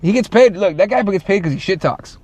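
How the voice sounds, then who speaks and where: A man's voice: high-pitched, animated, fairly quick, darkish tone, no room sound. A man hosting a casual solo show, rambling and swearing, full of fillers and restarts. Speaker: show host.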